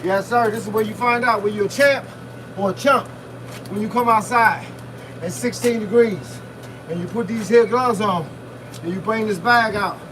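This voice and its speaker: Male boxing coach, high voice, blunt pep talk mid-workout, distant phone mic, wind noise. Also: moderate pace. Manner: loud, punchy motivational talk with shouted breaths. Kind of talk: live-streamed workout talk. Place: outdoors in freezing wind. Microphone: phone camera set at a distance.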